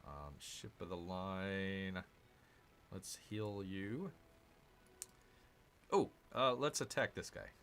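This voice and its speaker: A man's voice: low voice, slow, long pauses, fairly bright tone, slight background noise. A man giving casual gameplay commentary, grumbling and sarcastic as he talks to his viewers. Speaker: gaming channel host.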